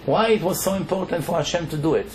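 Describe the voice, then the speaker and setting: A man with an Israeli accent lectures on the Torah as a rabbi, his voice sitting high and forceful. He presses his points with short rhetorical questions and answers them himself. The sound is roomy and echoey, with faint noise underneath. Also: quick pace. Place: lecture hall.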